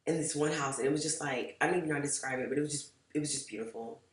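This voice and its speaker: A woman telling a personal story in a casual vlog, animated and profane, shifting between loud outbursts and soft, low asides. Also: rapid-fire, recorded from a distance. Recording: roomy echo.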